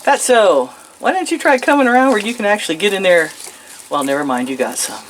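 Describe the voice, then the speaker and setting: A woman's voice: mid-range voice, lively intonation, a little fast, a little hiss or hum, low-quality recording. An older woman chatting outdoors to her chickens and rabbits, cooing in sing-song baby talk and laughing often. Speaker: vlogger. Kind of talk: casual chat to pets.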